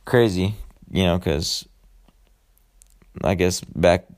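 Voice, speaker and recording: A man's voice: sits low, slow. A man hosting a podcast, loosely recapping a movie in a rambling, profane way, swearing constantly and drifting into asides. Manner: loose storytelling with many fillers and asides. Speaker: podcast host.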